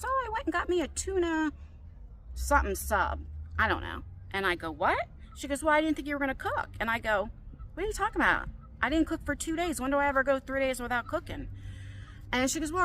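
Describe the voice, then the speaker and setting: A middle-aged woman telling a personal story while walking outdoors, chatty and animated, acting out what others said. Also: medium pitch. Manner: chatty, animated, quotes people in raised voices. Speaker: vlogger. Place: outdoors on a walk. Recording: faint outdoor background noise.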